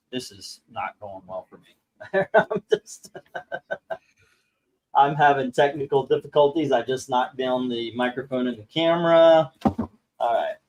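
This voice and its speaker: A man's voice: medium pitch, recorded from a distance, rough recording. A man hosting a live comic book auction stream, chatting casually and rambling with many filler words. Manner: rambling, full of filler words, self-mocking.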